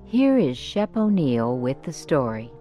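A woman announcing a radio story program in a slow, clear manner. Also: very deep voice, very animated, over loud music. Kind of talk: scripted radio introduction.

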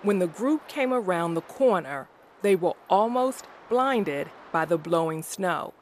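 Slow, careful woman narrator. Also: on the low side, animated, a little hiss or hum. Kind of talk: slow story reading for learners.

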